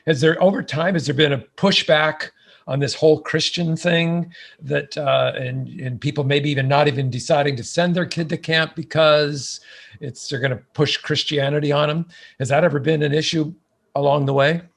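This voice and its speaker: A man hosts a conversational interview, his voice husky with a gravelly edge. He asks long, winding questions and affirms his guest between them. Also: on the high side, steady tone, normal speed. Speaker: podcast host.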